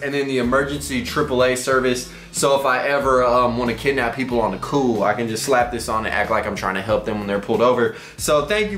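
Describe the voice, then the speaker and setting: A man's voice: mid-range voice, fairly bright tone, reverberant. A young man from Texas, rambling and joking in slang as he unboxes items for his vlog. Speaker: vlogger.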